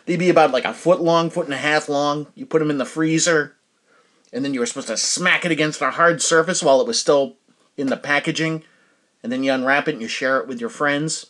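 A man's voice: a little high, a little fast, fairly bright tone. A middle-aged man hosting a casual solo podcast, chatting in a rambling way and often stopping to restart his sentences. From New Hampshire. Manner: rambling, chatty, self-interrupting with fillers. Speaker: podcast host.

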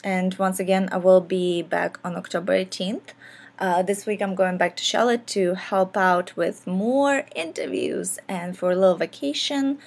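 A woman's voice: on the low side, steady tone, normal speed, vocal fry. A woman vlogger talking casually to her viewers, rambling and full of fillers. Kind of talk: casual talk to camera.

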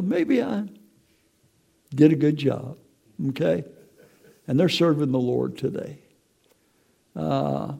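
A man's voice: a little high, vocal fry, warm tone. An older man telling his Christian testimony in a folksy, preacherly way, often tagging his lines with "okay?". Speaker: testimony speaker.

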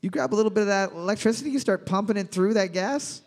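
A man hosting a trivia quiz, calling out questions loudly and cracking crude jokes between rounds. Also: sits high. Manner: loud announcing, crude jokes, slows on answer options. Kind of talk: bar trivia hosting with joking banter.

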